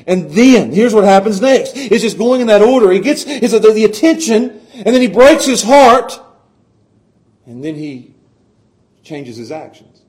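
Male pastor, middle-aged, fairly high voice, hushed to fervent preaching, stammered restarts. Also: very animated, measured pace. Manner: swings from hushed to loud and impassioned, with repeated stammered restarts. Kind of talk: sermon.

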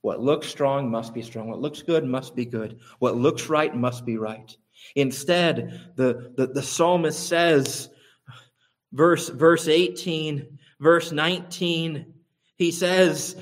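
A man preaching a sermon, building to high, emphatic peaks and repeating phrases for stress. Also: takes it slowly. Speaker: pastor.

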